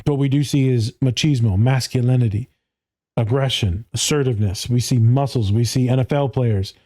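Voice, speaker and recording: A man's voice: mid-range voice, moderate pace, mellow. A man in his thirties, a therapist, talking casually on a podcast in a blunt, profane way and laughing often. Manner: blunt, profane, laughs often, does voices when quoting people.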